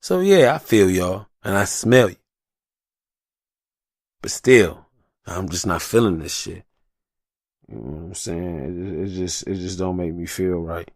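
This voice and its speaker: A man's voice: sits low, vocal fry, no echo, clean studio sound. A young adult man hosting a solo podcast, talking in a heated, passionate and profane way. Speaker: podcast host.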